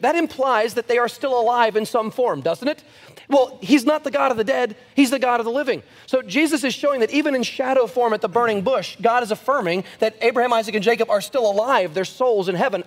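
A male pastor giving a conversational Bible teaching, lively and animated, slowing down to stress scripture and often restarting his sentences. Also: sits high. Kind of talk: sermon-style Bible teaching. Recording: long reverb in a large room.

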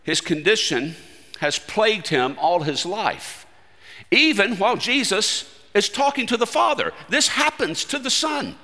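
A man preaching a sermon with emphatic delivery, swinging between loud stressed phrases and quiet low asides. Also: expressive, measured pace, big-room sound.

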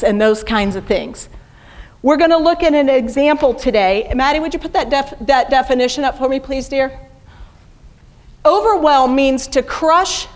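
A middle-aged woman stands before a church as guest speaker, her voice pitched high. She preaches in a chatty, self-deprecating way. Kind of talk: sermon. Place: church sanctuary.

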